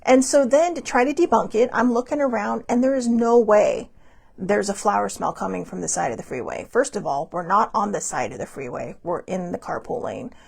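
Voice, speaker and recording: A woman's voice: mid-range voice, animated, fairly quick, gravelly, a little mellow, husky. A woman hosting a podcast, chatting casually and rambling through stories with lots of asides. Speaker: podcast host. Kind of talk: casual storytelling monologue.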